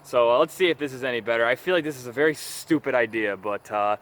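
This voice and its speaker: Speaking fast in a mid-range, slightly bright voice, a home workout vlogger chats casually to a camera in his outdoor backyard gym. He rambles and pokes fun at himself over his homemade workout gear.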